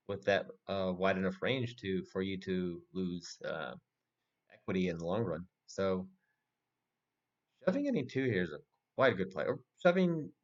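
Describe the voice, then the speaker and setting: Low-voiced man rambling through poker commentary. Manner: rambling, lots of fillers and restarts. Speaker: poker player reviewing his own tournament. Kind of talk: casual commentary over a game replay. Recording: dull, slightly muffled recording with faint noise.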